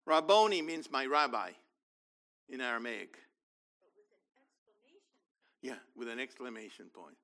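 Man, bible teacher, animated, swooping intonation, sharp bright tone. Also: medium pitch, unhurried, long pauses. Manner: enthusiastic, explains as he reads scripture aloud.

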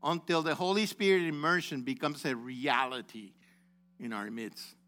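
A man preaching a sermon to his congregation, calling on members by name, rising to loud exhortations and dropping low again. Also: normal speed. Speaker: pastor.

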